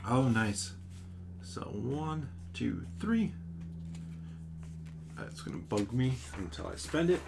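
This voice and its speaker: A man's voice: medium pitch, sing-song, slow, gravelly, long pauses, background noise. A man hosting a solo board game playthrough, thinking aloud and counting out damage and cards. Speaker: board game channel host.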